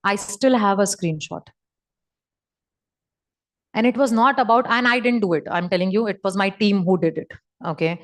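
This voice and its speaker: A woman's voice: medium pitch, moderate pace, pauses often. A woman giving an emphatic, repetitive motivational talk over a video call. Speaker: motivational speaker.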